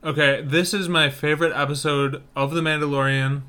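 A man co-hosting a casual podcast, dry and joking in a low-key way. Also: steady tone, a little fast, sharp tone, smooth. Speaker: podcast co-host. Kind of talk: casual chat.

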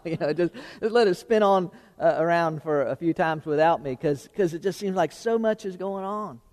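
High-voiced pastor in a reverberant church. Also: male voice, darkish tone. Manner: chatty, asks the congregation questions, repeats words while finding them. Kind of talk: conversational sermon.

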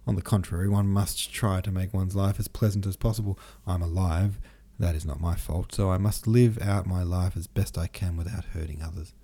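A man's voice: sits low, steady tone, normal speed, few pauses, dark tone, breathy edge. A man reading the part of a brooding, bitter young nobleman who argues in a gloomy, cutting way.

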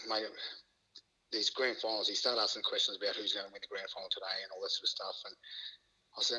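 A man's voice: flat delivery, brisk, pauses often, bright, forceful tone, husky, low-quality recording. A middle-aged Australian man from Queensland, a former rugby league player who tells stories as a guest, laughing often and acting out what people said. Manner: laughs often, acts out quoted lines with rising pitch. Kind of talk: casual storytelling.

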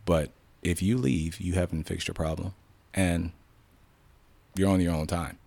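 Man, deep voice, gravelly, police sergeant, candid storytelling, acted-out quotes. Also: a little slow. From South Side of Chicago. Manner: animated retelling with quoted dialogue, frequent restarts.

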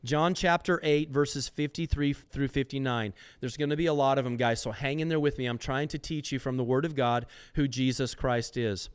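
A man's voice: medium pitch, steady tone, clean tone. A man teaching scripture on his podcast in a sermon style, asking rhetorical questions and answering them himself, repeating words for emphasis. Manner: repeats words while searching, slows for stress.

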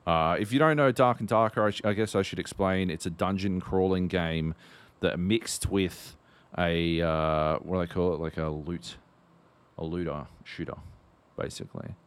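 A man's voice: low voice, steady tone, normal speed, clear, resonant tone. A man co-hosting a podcast in casual chat, telling a rambling story with plenty of swearing. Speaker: podcast co-host.

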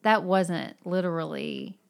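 Woman explaining thoughtfully, lower voice. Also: unhurried, gravelly, smooth. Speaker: book discussion co-host. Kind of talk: casual chat.

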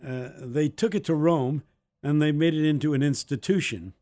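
A man's voice: on the high side, moderate pace, dark tone. A man co-hosting a podcast, telling anecdotes in a casual faith discussion. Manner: anecdotal storyteller. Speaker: podcast co-host.

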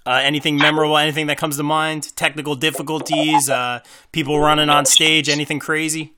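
A man hosting a casual band interview, relaxed and chatty, often calling the guests "man". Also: fairly high pitch, a little fast, slight background noise. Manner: laid-back, drops "man" often, chatty. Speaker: interview host.

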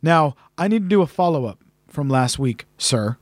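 A man co-hosting a podcast in casual chat, rambling and halting with many fillers and restarts. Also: a little high, expressive, no room sound, clean studio sound. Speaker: podcast co-host.

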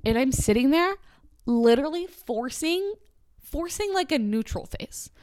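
A woman in her twenties casually telling a long personal story, rambling with lots of fillers and jumping into high, squeaky voices when she quotes people. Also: expressive, unhurried, a little mellow, no echo, studio quality. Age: 20s.

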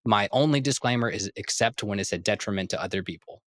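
A man co-hosting a podcast, chatting casually, animated, with stumbling restarts and frequent laughs. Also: lowish voice, quick pace, no echo, clean studio sound. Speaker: podcast co-host.

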